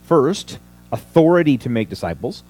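Animated male preacher with lively pitch. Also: normal speed, faint music behind. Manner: animated teaching with rhetorical questions. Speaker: pastor. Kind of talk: sermon.

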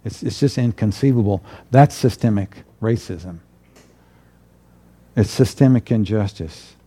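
A man, a pastor preaching a sermon from the pulpit in an earnest, measured way with emphatic declarations. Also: fairly low pitch, dark tone, husky. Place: church pulpit.

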